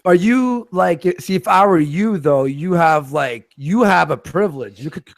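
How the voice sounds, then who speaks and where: Host, man, slightly high voice, jokey, quick laughs, dry mic. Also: lively intonation, creaky, no echo. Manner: joking, laughs often, quick asides. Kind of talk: casual group chat.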